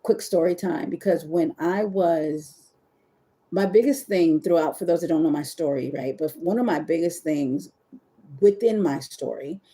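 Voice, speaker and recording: A woman's voice: lowish voice, measured pace, warm tone. A woman hosting a livestream, talking candidly and rambling to her viewers, at times close to tears. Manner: emotional, near tears at times. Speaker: webcam model hosting a livestream. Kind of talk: casual confessional livestream talk. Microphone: phone or webcam on a live stream.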